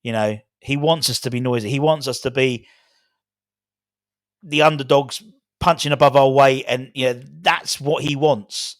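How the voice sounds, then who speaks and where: A man's voice: medium pitch, moderate pace, no room sound, studio quality. A middle-aged man hosting a football fan channel, talking casually and rambling with lots of fillers and restarts. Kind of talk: casual solo video chat.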